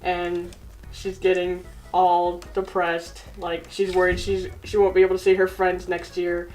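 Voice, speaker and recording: A woman's voice: on the low side, completely flat delivery, a little slow, darkish tone, rough recording. A woman casually telling a story while drawing, giggling and teasing her friend. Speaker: co-host telling a drawn story.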